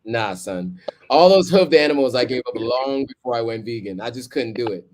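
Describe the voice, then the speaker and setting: A man's voice: mid-range voice, lively intonation, normal speed, a little mellow. A man in his thirties hosting a live stream, chatting casually with lots of ums and easy laughter. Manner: laid-back, chuckling, many ums.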